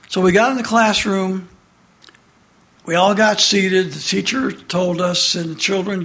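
An older man in his seventies, from the American Midwest, recalls his childhood for a listening audience. His voice sits a little high for a man, and his delivery moves between emphatic stresses and quiet, hushed passages. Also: a little slow. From Midwestern United States. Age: 70s. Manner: animated storyteller, alternately emphatic and hushed. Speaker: speaker giving an address. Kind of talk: personal recollection in a prepared address.

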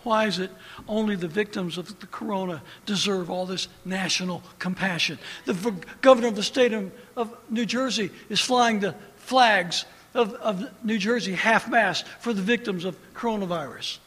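A man preaching with a high, bright voice that rings with a long hall reverb. He swings between hushed, quiet storytelling and loud, impassioned preaching. It sounds like a fervent pulpit sermon. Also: normal speed, slightly rough.

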